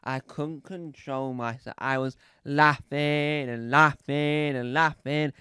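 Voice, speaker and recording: A man's voice: fairly high pitch, steady tone, takes it slowly, pushed and bright, clear, resonant tone, dry recording, clean studio sound. Man rambling through comedy bits. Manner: hesitant, full of restarts and asides. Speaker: stand-up comedian.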